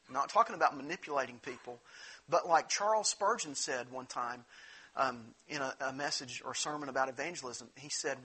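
A man's voice: medium pitch, a little fast, bright, forceful tone, slightly rough. A man preaching a sermon in an earnest, conversational way, often restarting his phrases. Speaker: pastor.

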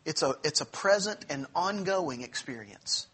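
A man's voice: a little high, lively intonation, measured pace, sharp tone, husky. A man teaching a church Bible class in an earnest, conversational way, with asides and restarts.

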